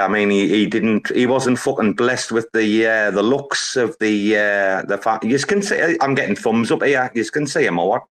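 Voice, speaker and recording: A man with a lowish voice hosts a loose live audio chat. He rambles from point to point, swears constantly and keeps hyping his friend's work. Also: a bit bright. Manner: profane, rambling, hyped-up. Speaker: host.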